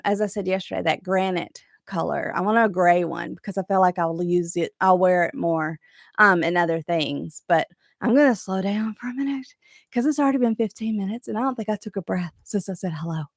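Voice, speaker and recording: A woman's voice: medium pitch, no room sound, studio quality. A woman hosting a live crochet chat from her craft room at home, chatty, rambling and encouraging.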